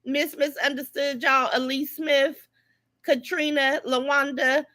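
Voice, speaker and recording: A woman's voice: sits high, flat delivery, a little slow, sharp tone. A middle-aged woman, hosting a casual livestream, sassy and greeting viewers by name. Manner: sassy, greets viewers by name, calls them "y'all" and "baby". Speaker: livestream host. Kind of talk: casual live-stream commentary.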